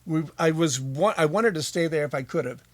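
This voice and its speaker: A man's voice: a little high, brisk, dry recording. A man being interviewed as a guest, telling stories from his past with enthusiasm. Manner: enthusiastic storyteller, many fillers.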